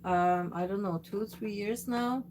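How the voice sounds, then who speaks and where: Halting, motherly livestream host woman. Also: mid-range voice, a little mellow, a little hiss or hum. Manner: halting, many fillers and restarts. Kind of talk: casual livestream chat.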